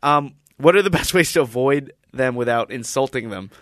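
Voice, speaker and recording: Relaxed male podcast host asking questions. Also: mid-range voice, moderate pace, dry recording, studio quality. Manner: relaxed, asks follow-up questions, stammers on starts. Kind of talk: casual interview.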